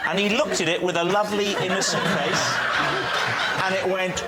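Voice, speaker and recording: A man's voice: high voice, steady tone, moderate pace, very noisy. A man hosting a comedy panel show who tells a playful story and keeps laughing through it. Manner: giggles through his own anecdote. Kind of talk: playful storytelling to a studio audience. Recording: loud studio audience laughter.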